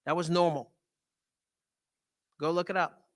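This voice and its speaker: A holistic health doctor with a French Canadian accent gives a lively live talk to an audience, frequently tossing in "right?". His voice is fairly high and his pace a little slow.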